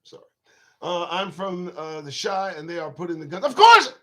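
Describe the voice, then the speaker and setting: A man's voice: a little high, steady tone, moderate pace, a bit bright. A man hosting his own talk show, riffing in a casual live-stream monologue to viewers' chat, profane, rambling and emphatic.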